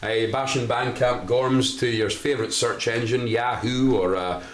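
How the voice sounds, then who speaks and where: A man's voice: mid-range voice, fairly even intonation, unhurried, a little hiss or hum. A Scottish man, a band singer hosting a live stream, chatting in a jokey, rambling way. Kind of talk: casual live-stream banter. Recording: echoey room with live music.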